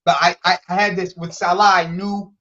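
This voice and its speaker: A man's voice: high-pitched, highs cut off. A man co-hosting a casual football podcast, swearing and ranting with lots of energy. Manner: animated, swears a lot, rants. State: agitated, rattled. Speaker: podcast co-host.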